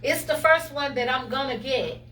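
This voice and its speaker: A woman speaking emotionally and haltingly, repeating herself as she talks casually on camera. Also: sits high, sharp tone. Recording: echoey room, far from mic, faint hum.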